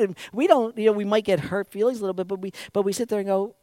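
A man's voice: high voice, rapid-fire, hardly any pauses, darkish tone, no echo, clean studio sound. A middle-aged man preaching a sermon, acting out quotes with big swings in volume. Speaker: pastor.

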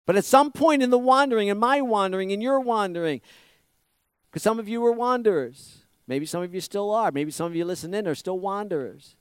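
A man preaching a conversational sermon, repeating phrases and asking the listeners questions, swinging from loud emphasis to hushed asides. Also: high-pitched, expressive, brisk, clear, resonant tone, dry recording, studio quality. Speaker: pastor.

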